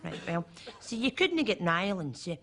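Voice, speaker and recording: A woman's voice: on the low side, sing-song, moderate pace. A frank old Glasgow woman. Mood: reminiscing. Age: older. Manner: frank, bawdy, chatty. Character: cheeky older Glasgow woman recalling wartime.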